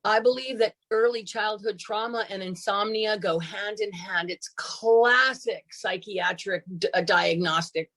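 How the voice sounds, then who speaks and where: A woman's voice: medium pitch, unhurried, few pauses, fairly bright tone. An older woman giving a candid, emphatic personal recovery testimony at a meeting, with dramatic swings in delivery.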